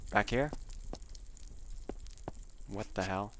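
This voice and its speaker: A man chatting his way through a game in a bright, forward voice, full of rambling, self-deprecating asides. He sits close to his desk mic, and his breathing comes through into it. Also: fairly low pitch, very slow, slight background noise. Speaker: game commentator. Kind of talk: casual let's-play commentary. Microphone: desk microphone close up.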